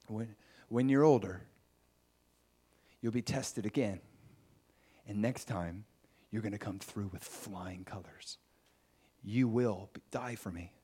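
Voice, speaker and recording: A man voicing Jesus as a gentle, searching figure, speaking softly and in hushed tones. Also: fairly low pitch, breathy edge, voice pushed down. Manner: soft, hushed, half-whispered.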